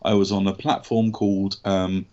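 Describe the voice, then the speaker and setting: एक अंग्रेज़ लहजे वाला पुरुष, थोड़ी नीची आवाज़ में कहानी सुनाता हुआ, धीमी लो-फ़ाई रिकॉर्डिंग।. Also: male voice, low-pitched, moderate pace, highs cut off. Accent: English. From England. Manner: animated anecdotal, frequent ums and self-corrections. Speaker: actor guest. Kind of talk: casual podcast storytelling.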